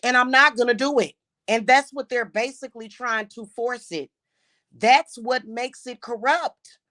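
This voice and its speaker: A woman's voice: on the high side, unhurried, pushed and bright. A woman who practices witchcraft and hosts her own channel, talking in an emphatic, indignant unscripted monologue full of restarts and repeated words.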